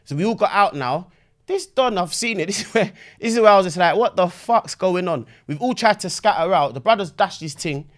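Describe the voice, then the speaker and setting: High-voiced young man with slang. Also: lively intonation, a little fast. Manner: slangy, acts out voices with shouts and sound effects. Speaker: podcast guest. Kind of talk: animated storytelling in casual chat.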